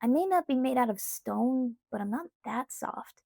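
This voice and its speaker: A cocky, cheerful teenage boy, read by a woman, speaks in an easygoing, coaxing way. The reader's voice stays mellow and a little high, without a deep put-on tone. The recording is close and dry. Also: expressive, normal speed, creaky, no room sound.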